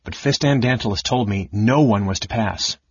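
A man playing an exhausted, dutiful young knight in firm, formal tones, with a slightly husky voice. The storybook recording is dry and muffled. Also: on the low side, moderate pace, dry recording.

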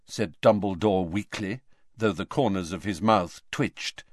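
A man narrating a fantasy novel in an expressive, dramatic reading. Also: low voice, a little slow, no echo, studio quality. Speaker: audiobook narrator.

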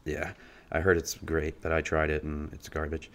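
A man with a very low voice chats on a podcast, rambling and swearing freely. He keeps filling pauses with "like" and "uh" as he tells a story. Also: completely flat delivery. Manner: loose, profane, rambling with many fillers. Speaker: podcast co-host. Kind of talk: casual podcast chat.

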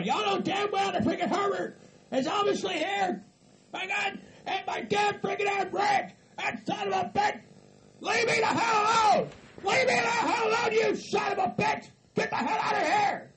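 A man voicing a paranoid, furious hillbilly who yells curses nonstop in a raspy, screeching voice. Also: very high-pitched, voice pushed up. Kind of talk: hobby comedy skit acting.

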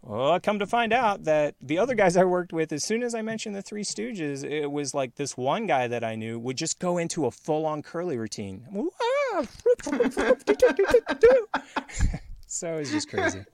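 A man's voice: fairly high pitch, lively intonation, brisk, hardly any pauses, dry recording. A man hosting a show, telling a rambling workplace story in casual chat, laughing often. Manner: rambling, laughs often, acts out quoted voices. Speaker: podcast host.

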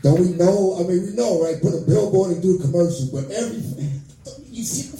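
A man in his fifties doing a profane, brash stand-up set, swinging between loud bursts and muttered asides. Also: sits high, animated, a little fast, faint music behind. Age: 50s. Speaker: stand-up comedian. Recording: echoey room, voice far from mic.

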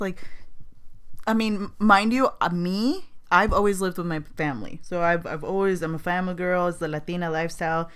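A young woman co-hosting a podcast, chatting in a bubbly, playful way and laughing easily. Her voice sits somewhat low for a woman. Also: fairly even intonation, brisk, clean tone. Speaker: podcast co-host. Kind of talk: casual podcast chat.

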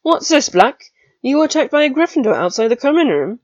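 A woman doing a loud, swaggering older schoolboy. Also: fairly low pitch, steady tone, brisk, no echo, dull audio, natural voice. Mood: blustering. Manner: loud, blustering.

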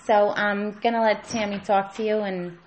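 A woman's voice: mid-range voice, fairly even intonation, moderate pace, darkish tone. Rambling woman co-host, faint hiss. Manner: rambling with lots of likes. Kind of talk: casual comedic chat.

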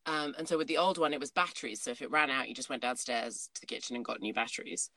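A woman with a notably low voice, chatting in a candid, rambling way and laughing often. Her voice is recorded dry and close. She sounds like she is in her thirties. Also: fast talker, sharp tone, no echo. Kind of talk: casual chat.

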